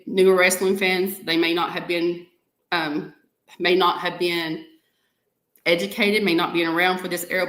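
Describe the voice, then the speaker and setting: Woman, podcast host, casual chatty talk, says y'all a lot, echoey room. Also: fairly low pitch. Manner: chatty, warm toward viewers, says "y'all" often. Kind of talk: casual live-stream talk to viewers.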